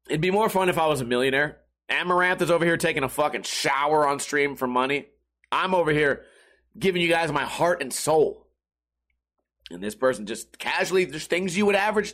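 A man's voice: a little high, lively intonation, moderate pace, a bit bright. A young man, a live streamer, talking in a rambling, profane, self-mocking casual monologue.

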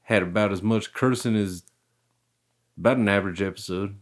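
A man's voice: lowish voice, moderate pace. A young man hosting a casual podcast chat, rambling, laughing often and swearing freely. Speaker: podcast host.

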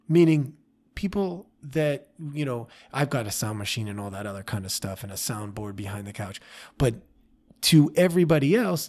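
A man in middle age hosts his own podcast, talking casually and at mid pitch. He speaks in a chatty, self-deprecating way, often restarting his sentences. He sounds like a therapist explaining ideas to listeners. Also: a little mellow. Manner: conversational, self-deprecating, frequent restarts and fillers. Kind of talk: casual solo podcast talk.

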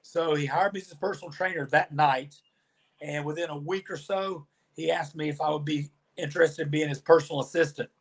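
A man with a somewhat high voice tells stories as a podcast guest. He is animated and chatty, and he acts out other people's lines as he goes. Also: vocal fry, breathy edge. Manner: animated storyteller, acts out quoted dialogue. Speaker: podcast guest, former pro wrestler. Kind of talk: storytelling interview answers.

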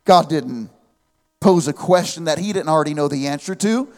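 A man in his thirties preaching a sermon with an animated delivery, humorous asides and calls of amen. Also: a little high, moderate pace, big-room sound.

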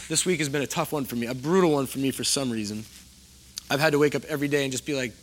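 A man's voice: medium pitch, animated, fairly quick, a bit bright, slight background noise. A middle-aged man preaching a sermon in a conversational, self-deprecating way, often putting questions to the congregation. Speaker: pastor.

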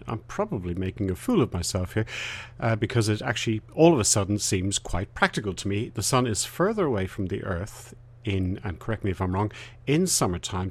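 A man hosting a casual chat show, talking in rambling, chatty asides. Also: on the low side. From Australia. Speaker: host.

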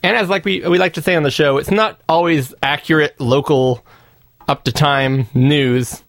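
A man's voice: on the high side, fairly even intonation, normal speed, creaky, faint music behind. A man co-hosting a casual podcast, jokey and upbeat, reading listener feedback. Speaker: podcast co-host. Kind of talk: casual chat.

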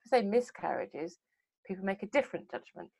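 A woman co-hosting a podcast, speaking in a thoughtful, measured way as she reflects aloud. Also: medium pitch, very animated, creaky, a little mellow, a little hiss or hum. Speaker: podcast co-host. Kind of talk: podcast discussion.

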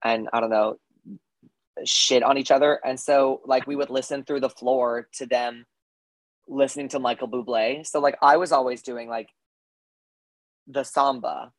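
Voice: mid-range voice, fairly even intonation, measured pace, long pauses, dry recording. A young adult co-host telling stories in casual podcast chat. Asides tumble out self-deprecatingly. The sound is dry and close, with no room around it.

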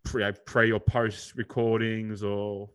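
A man's voice: fairly low pitch, flat delivery, unhurried, a bit bright, smooth. A young Australian man co-hosting a podcast in casual chat, rambling and blokey, swearing freely. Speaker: podcast co-host.

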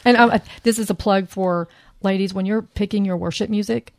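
A woman's voice: medium pitch, fairly even intonation, brisk, a little mellow. A woman co-hosting a casual faith chat, talking in an earnest, encouraging way to other women. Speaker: podcast co-host.

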